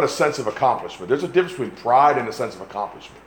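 A man's voice: expressive, racing, a little hiss or hum. Man preaching, rising and falling. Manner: rises to loud emphatic preaching, then drops low and quiet. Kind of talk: sermon. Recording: echoey room with faint ambience.

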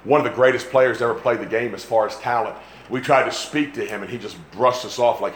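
A man preaching a sermon, climbing to loud emphatic peaks and dropping back to low, quiet asides. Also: quick pace, a little hiss or hum. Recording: echoey room with faint ambience.

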